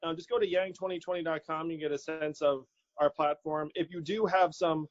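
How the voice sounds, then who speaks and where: Animated man, bright voice, dry sound. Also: fairly high pitch, fairly quick, no room sound. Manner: animated storyteller, quotes people, laughs easily. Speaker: political candidate guest. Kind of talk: casual interview answers. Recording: dull lo-fi audio.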